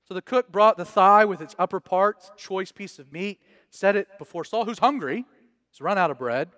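A man's voice: high voice, normal speed, fairly bright tone, dry recording. A man preaching a casual verse-by-verse sermon as pastor, conversational and joking with slang asides.

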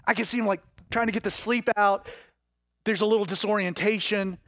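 A man preaching a sermon in an animated way, acting out the voices he quotes. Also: sits high, fairly quick, no echo, clean studio sound.

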